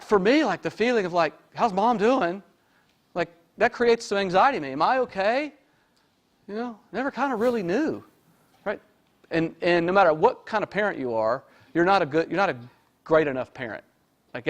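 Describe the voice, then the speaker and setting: Speaking as a therapist, a man with a high voice gives an informal, joking lecture to an audience. He keeps checking in with "right?" and "okay?".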